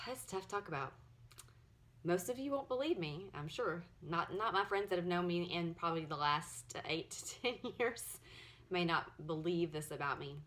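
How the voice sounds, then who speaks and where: A woman in her forties sharing her personal story in a halting, earnest way, at times close to tears. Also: lowish voice, a bit bright. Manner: earnest, halting, emotional, often near tears. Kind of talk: personal testimony to camera.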